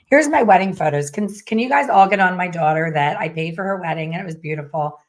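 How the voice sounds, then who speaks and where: A middle-aged hair colorist tells viewers a story quickly, in a fairly low voice. She's blunt and lively about it, swearing mildly here and there.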